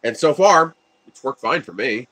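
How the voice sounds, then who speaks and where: A man's voice: medium pitch, lively intonation, moderate pace, a bit bright. A man hosting a casual livestream while building a 3D printer, telling stories, laughing often and answering viewer chat. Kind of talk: casual live-stream chat.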